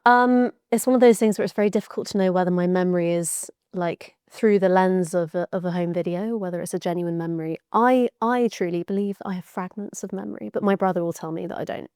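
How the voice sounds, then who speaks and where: A woman's voice: lowish voice, fairly quick, hardly any pauses, a little mellow, clear, resonant tone, dry recording, studio quality. A young woman, an author and science communicator, telling her story in a chatty, reflective way as a podcast guest. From Devon, England (born in Georgia, USA). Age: young adult. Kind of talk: podcast interview.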